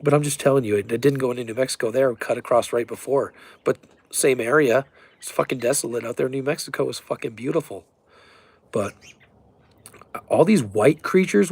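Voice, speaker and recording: A man ranting in a rambling, profane, excitable way about cryptids and conspiracies in a casual vlog. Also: mid-range voice, a little fast, slightly rough, no echo. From Colorado, USA. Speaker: vlogger.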